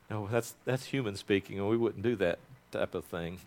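A man preaching a sermon to his congregation, moving from loud, fervent prayer to quiet, intimate asides and calling on people to repeat phrases after him. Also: lowish voice. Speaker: pastor.

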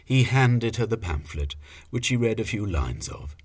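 A man reading an audiobook story in plain, measured narration. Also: fairly low pitch, expressive, breathy edge.

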